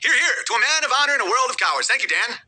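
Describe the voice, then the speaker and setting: A man's voice: very high-pitched, lively intonation, very fast, pushed and bright. A man talking on a livestream in a rambling, muttering way, reading viewer chats aloud between thoughts.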